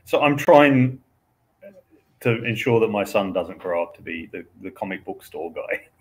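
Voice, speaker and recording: A man's voice: on the low side, lively intonation, moderate pace. A man in casual chat, rambling with many fillers and chuckling as he talks.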